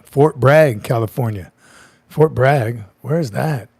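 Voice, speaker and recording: A man's voice: mid-range voice, slow pace, creaky, darkish tone, slightly rough, no room sound. A middle-aged man hosting a casual livestream, chatty, joking and greeting viewers by name. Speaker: livestream host.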